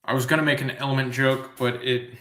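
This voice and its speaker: Male trivia host, mid pitch, jokey and rambling, echoey room sound. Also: level tone, quick pace, bright, forceful tone. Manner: goofy, self-amused, riffs on tangents. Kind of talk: rambling live trivia commentary.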